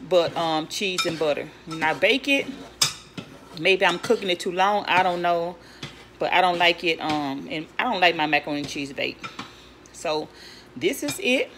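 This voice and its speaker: A woman's voice: lowish voice, steady tone, moderate pace. A woman making a casual cooking vlog in her home kitchen, chatty and rambling, stumbling over her words as she goes. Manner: chatty, rambling, stutters and restarts. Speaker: home cook vlogger. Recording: home recording with clear kitchen noise. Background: clinking pots, pans and cutlery.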